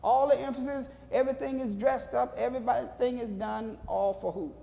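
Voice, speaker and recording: Gravelly high-voiced pastor in a reverberant hall. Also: male voice, steady tone, normal speed, mellow. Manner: preaching cadence, repeats phrases, asks the room questions. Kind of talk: Bible study teaching. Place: church hall.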